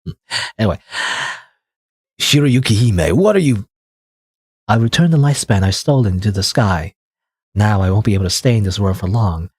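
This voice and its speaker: A man's voice: on the low side, fast talker, slightly rough, no echo. A man casually reading a visual novel aloud and chatting about it, rambling with lots of "like" and "you know". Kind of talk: casual let's-play commentary and narration.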